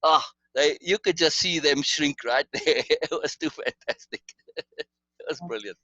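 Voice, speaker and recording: Bright sharp guy rambling through old stories, chuckling, muffled dull audio. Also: a little high, a little slow, dry recording. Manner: rambling, lots of restarts and chuckles. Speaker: storyteller. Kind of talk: casual storytelling chat.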